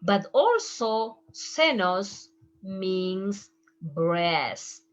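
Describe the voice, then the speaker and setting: A woman whose first language is Spanish, teaching medical Spanish terms slowly, repeating each word twice and explaining as she draws. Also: medium pitch, big pitch swings. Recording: dull lo-fi sound.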